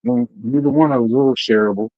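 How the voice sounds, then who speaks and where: A man's voice: mid-range voice, a little fast, no room sound, highs cut off. A man hosting a casual livestream chat, talking bluntly and profanely with a lot of "bro" and a Black style. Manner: blunt, profane trash talk, repeatedly says bro. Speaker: livestream host.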